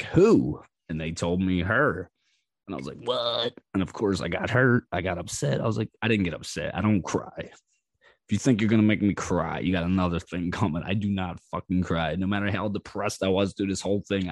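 Male podcast host, low voice, dry close sound; blunt, profane storyteller who laughs a lot and acts out quotes. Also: dry recording. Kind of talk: personal storytelling monologue.

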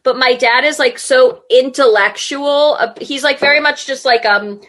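A woman's voice: sits high, moderate pace, fairly bright tone. A woman hosting a casual chat, telling rambling stories through bursts of laughter. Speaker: podcast host. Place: home room, remote call.

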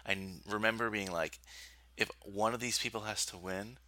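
A man's voice: on the low side, moderate pace, no room sound. A man hosting a podcast in casual chat, talkative and laughing often. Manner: chatty, laughs often, lively delivery. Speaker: podcast host.

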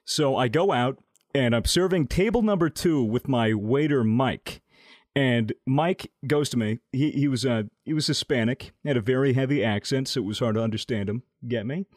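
A man on a podcast, telling a story with lively energy and plenty of swearing. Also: medium pitch, normal speed, dry recording, studio quality. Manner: animated storytelling, swears a lot. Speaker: podcast host. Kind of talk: casual podcast chat.

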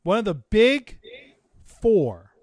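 Man hosting a podcast, animated voice, jokey and quick to laugh, dry close sound. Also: sits high, no room sound. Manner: jokey, laughs often, lively banter. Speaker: podcast host; teacher. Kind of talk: casual podcast chat.

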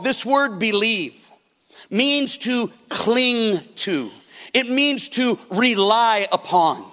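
A man's voice: extremely high pitch, a bit bright. A man preaching a sermon as pastor, telling stories and acting out the people in them. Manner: storytelling preacher, acts out quotes with big shifts. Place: church hall. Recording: long hall reverb.

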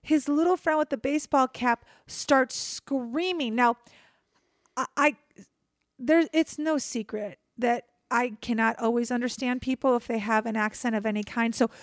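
A woman co-hosting a podcast, telling a story in a lively, excitable way. Her voice sits a little high, and the recording is close and dry. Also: moderate pace, no echo. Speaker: podcast co-host. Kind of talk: casual storytelling chat.

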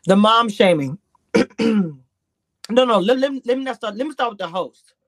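A woman giving chatty, animated reality-TV commentary on a livestream, talking straight to her chat. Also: on the high side, normal speed, no echo. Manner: grows exasperated and incredulous. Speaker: YouTube commentator.

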